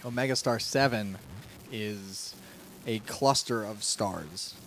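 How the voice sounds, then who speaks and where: A man's voice: fairly low pitch, takes it slowly, fairly bright tone. A young man co-hosting a podcast in casual chat, laid-back and rambling, with faint noise behind. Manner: laid-back, rambling, drops into joke accents. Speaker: podcast creator and co-host.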